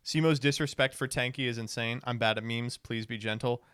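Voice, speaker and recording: A man's voice: medium pitch, fairly even intonation, fairly quick, hardly any pauses, a bit bright, no room sound. A man streaming, reacting to videos and reading viewer comments aloud with dry asides.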